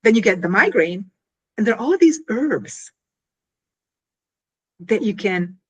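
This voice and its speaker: In a loose, conversational interview, a woman explains her invention with animation, loads of fillers, and quick acted-out scenes to make her point. Her voice is slightly husky and swings widely in pitch.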